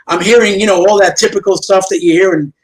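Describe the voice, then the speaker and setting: High-voiced older man telling lively anecdotes. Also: fast, noisy background. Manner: lively storyteller who acts out quoted dialogue. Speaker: guest comic book artist. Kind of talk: storytelling anecdotes in a chat show interview. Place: remote video call.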